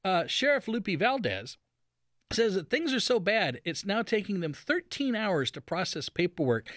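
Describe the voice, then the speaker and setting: Lively, bright-voiced radio host. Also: male voice, high voice, normal speed, no echo, studio quality. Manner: folksy and sarcastic, acts out silly voices. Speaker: radio talk show host. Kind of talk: animated radio commentary.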